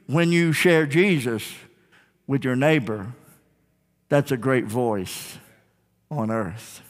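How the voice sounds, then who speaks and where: High-voiced preaching pastor in a reverberant church. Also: male voice, a bit bright. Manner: emphatic preaching with call-and-response, repeated phrases. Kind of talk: sermon. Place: church sanctuary. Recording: long reverb of a church sanctuary.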